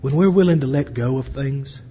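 A man preaching a sermon, acting out voices and swinging between loud and quiet. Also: medium pitch, normal speed, husky, muffled recording. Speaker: pastor. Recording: echoey hall with long reverb.

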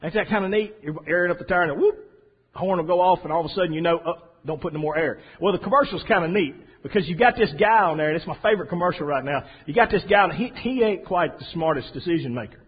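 Folksy preacher with a drawl. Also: male voice, a little high, quick pace, breathy edge. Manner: folksy storytelling preacher, swings from soft to loud. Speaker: pastor. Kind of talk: sermon. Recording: dull lo-fi sound.

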